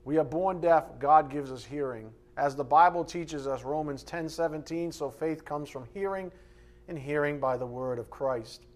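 A man's voice: on the high side, normal speed. A male pastor preaching in a slightly raised voice. He speaks bluntly and conversationally and drops sarcastic asides between points. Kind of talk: sermon.

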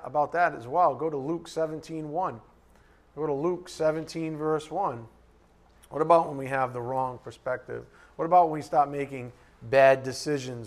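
Guy preaching a bible lesson, kinda high voice, jokey and chatty then punches words hard. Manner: conversational and joking, with sudden emphatic rises. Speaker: Bible teacher. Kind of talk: sermon.

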